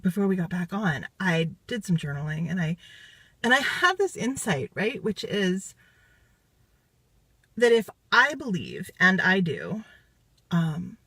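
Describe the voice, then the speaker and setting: A woman's voice: fairly low pitch, big pitch swings, unhurried, pauses often, bright, forceful tone, slightly rough, dry recording. A woman giving an emotional live video testimonial after a retreat, swearing freely and close to tears. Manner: swearing, intense, near tears.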